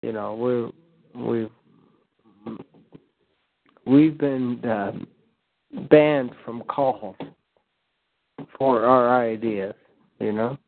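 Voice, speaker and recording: A man's voice: medium pitch, drawn-out words, creaky, pauses often. Rambling man on a tinny call. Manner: rambling, stammering restarts. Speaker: prank call host. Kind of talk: casual chat on a voice call. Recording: tinny phone-like call audio, dry.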